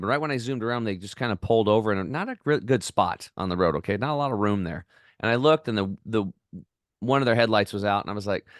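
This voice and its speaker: Man, podcast guest, low voice, dry close sound, eager rambling storyteller. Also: no echo. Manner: enthusiastic, rambling, acts out quoted voices. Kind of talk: excited storytelling interview.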